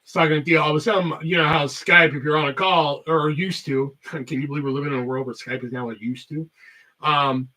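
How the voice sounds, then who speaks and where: Guy rambling thru a story, cursing a lot, bright sharp voice, sits kinda back from the mic. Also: on the high side, steady tone, a little fast, far from the mic, poor audio. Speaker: podcast host. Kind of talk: casual storytelling.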